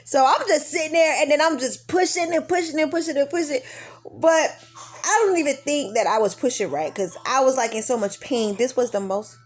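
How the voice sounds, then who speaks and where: A woman's voice: sits high, a little fast. A woman in her thirties casually telling a birth story to her viewers, acting out the voices of the people in it. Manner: animated retelling, acting out her own pleas. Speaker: vlogger.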